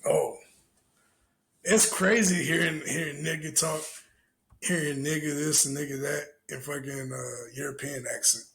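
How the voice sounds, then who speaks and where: A man's voice: a little high, steady tone, a little slow, a bit bright. A man hosting a podcast, giving loose, profane, laughing reaction commentary on clips. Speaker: podcast host.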